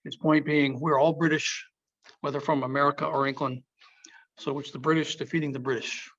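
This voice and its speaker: A man with a somewhat high voice tells history at a museum talk, leaning hard on the dramatic moments. His emphatic storytelling comes through a muffled, lo-fi recording. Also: level tone, a little fast, fairly bright tone. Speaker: museum speaker. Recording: dull lo-fi sound.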